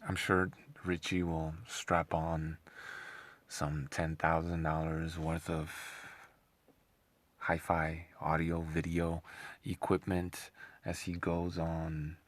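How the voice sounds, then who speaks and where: Man, deep husky voice, slow drawl, sarcastic commentary, scornful, rambling. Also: completely flat delivery, no room sound. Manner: rambling, repeats himself. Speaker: commentary channel host. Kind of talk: opinionated commentary monologue.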